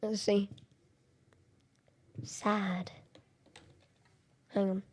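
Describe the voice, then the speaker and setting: A woman's voice: mid-range voice, level tone, extremely slow. An Australian woman streaming a Minecraft game at home, chatting casually, giggling often and thinking aloud. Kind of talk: casual live-stream commentary. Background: faint background music.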